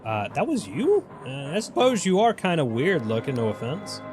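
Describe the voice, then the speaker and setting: A man's voice: fairly high pitch, wildly swooping pitch, normal speed, over music, pitched above the performer's own voice. A man doing a blunt, dry cleanup worker.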